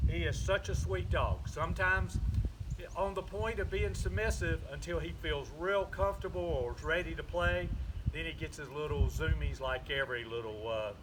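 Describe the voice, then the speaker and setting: A man with a Southern US accent, a dog trainer calmly explaining his methods between short commands to a puppy, recorded outdoors. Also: a little high, background noise. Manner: calm, explains while giving short commands.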